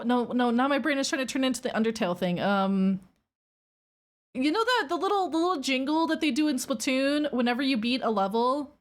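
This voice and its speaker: A woman streamer chats casually and spins a rambling story for her viewers. Her fairly high voice swings widely, jumping up into squeals whenever something excites her.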